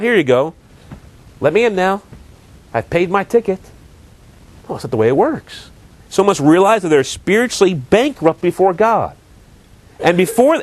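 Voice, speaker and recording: A man preaching a sermon, earnest and direct, asking rhetorical questions and building emphasis. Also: fairly high pitch.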